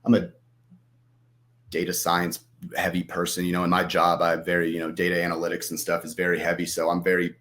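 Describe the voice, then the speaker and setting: A man's voice: low voice, monotone, fairly quick, fairly bright tone. A man talking casually as a podcast guest, rambling and acting out his own inner voice.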